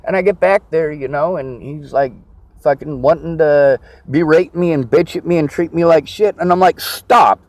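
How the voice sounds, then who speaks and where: A man's voice: on the high side, normal speed, darkish tone, dry recording. A man venting to camera in an agitated, profane, repetitive rant. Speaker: vlogger. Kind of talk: angry personal rant to camera.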